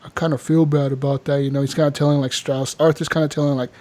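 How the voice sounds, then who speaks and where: A man on a casual gaming podcast, talking through a game he has been playing. He speaks a little higher than most men, swears freely, and slips into brief character voices as he tells the story. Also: level tone, fast, a little mellow. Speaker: podcast co-host.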